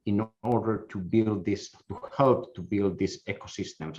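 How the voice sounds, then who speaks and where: A man moderating a round-table discussion, speaking in a measured way with frequent filler sounds. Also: low voice, a little mellow. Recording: dull lo-fi audio.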